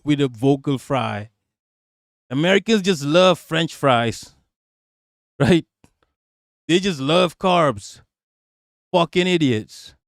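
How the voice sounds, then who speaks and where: A man's voice: fairly high pitch, dry recording, studio quality. Brash profane male streamer. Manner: loud, mocking, profane, laughs often. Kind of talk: profane political rant on stream.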